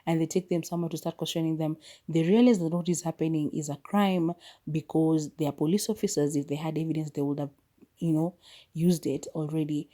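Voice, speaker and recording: A woman podcast host retelling a film's plot in a chatty, casual way, with quick asides and restarts. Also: low voice, mellow. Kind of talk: casual movie recap.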